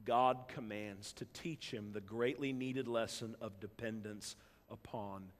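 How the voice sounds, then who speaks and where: A man preaching a sermon, swinging from loud emphatic build-ups down to hushed, low passages. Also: steady tone, unhurried. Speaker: pastor. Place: church sanctuary. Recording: long church hall reverb.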